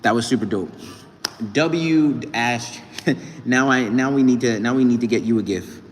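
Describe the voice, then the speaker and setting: A man's voice: mid-range voice, normal speed. A young man livestreaming from a gym, chatting loosely with viewers, thanking them and reading their comments. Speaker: livestreamer and rapper. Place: indoor gym. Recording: echoey gym room, faint background noise.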